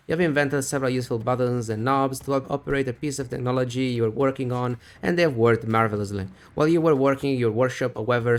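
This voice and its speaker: A man's voice: mid-range voice, smooth. A male streamer reading a text adventure aloud, breaking off for profane, wry asides.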